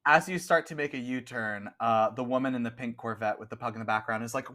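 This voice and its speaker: A man narrating as game master in a tabletop horror game, animated and loose. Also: mid-range voice, fast talker, few pauses.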